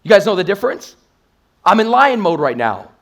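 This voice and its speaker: A man's voice: high-pitched, big pitch swings, fairly quick. A man in his thirties from Toronto, Canada, giving an intense motivational stage talk as a sales trainer and acting out quotes as he tells stories. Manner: intense, hype-driven storytelling with acted-out quotes. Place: stage in a live event room.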